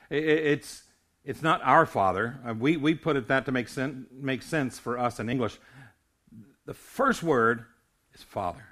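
A man's voice: mid-range voice, fairly bright tone. An older man preaching a sermon as a pastor, earnest, often stumbling and restarting his words.

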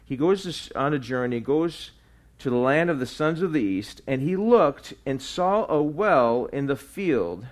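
A man's voice: a little high, lively intonation, a little slow. A man preaching a verse-by-verse sermon in a conversational way, with frequent fillers and restarts and repeated "right?" checks. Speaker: pastor. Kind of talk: sermon teaching through scripture.

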